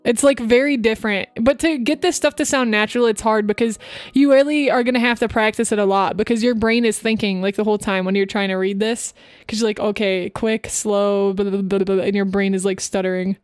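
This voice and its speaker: A woman's voice: medium pitch, steady tone, a little fast, clear, resonant tone, no room sound, studio quality. A young woman streaming casually, giggling as she chats and reads voice acting drills with exaggerated pacing and emphasis. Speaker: VTuber streamer. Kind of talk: casual livestream chat about voice acting drills.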